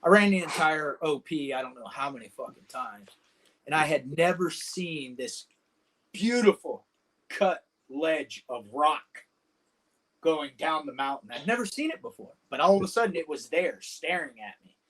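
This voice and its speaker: A man's voice: fairly high pitch, lively intonation, normal speed, fairly bright tone. A man and combat veteran, a podcast guest casually telling a war story in vivid, profane detail, full of "dude" and "man".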